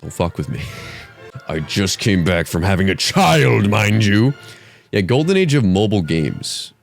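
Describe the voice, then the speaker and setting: A young man mock-grading an essay in a profane, theatrical comedic rant, his voice jumping very high when excited. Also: unhurried, vocal fry, soft background music. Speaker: comedy YouTuber.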